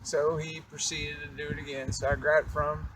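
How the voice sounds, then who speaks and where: A young man with a fairly high voice tells a story from his own life. He rambles casually with lots of fillers and swearing, and his energy keeps rising as he gets into it. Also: brisk, far from the mic, background noise. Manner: animated, profane, rambling with fillers. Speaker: vlogger.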